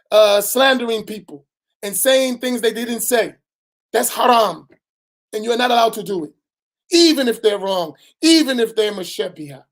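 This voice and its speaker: A man, an imam teaching a religious lesson in a direct, admonishing way, often tagging "right?" onto his points. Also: very high voice.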